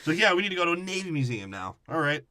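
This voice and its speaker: A man's voice: fairly high pitch, very animated, fast talker, pushed and bright, dry recording, clean studio sound. A man co-hosting a podcast, recapping a movie in a crude, mocking casual chat and breaking into silly voices. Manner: profane, mocking, slips into silly character voices. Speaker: podcast co-host.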